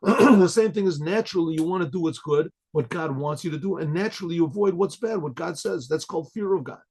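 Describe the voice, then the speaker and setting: A man, a rabbi, teaching a Torah class in a conversational sermon style, often clearing his throat and translating Hebrew phrases as he goes. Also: a little high, fast talker, darkish tone.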